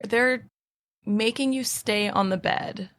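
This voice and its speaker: Slow, bright-voiced woman podcast host. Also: a little high. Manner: sympathetic, short reactions. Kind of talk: interview reactions.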